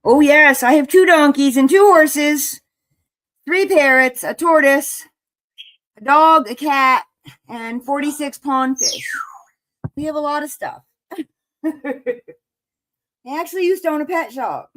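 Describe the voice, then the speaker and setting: A woman tarot reader hosts a casual livestream, chatting with viewers and reading their messages aloud while sounding out of breath. Her voice is high and a bit bright, and she speaks slowly with long pauses.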